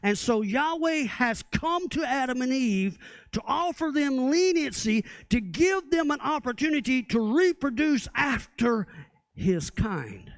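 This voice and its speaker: A man's voice: very high voice, animated, unhurried, dry recording. A man preaching a sermon as pastor, often asking the congregation rhetorical questions.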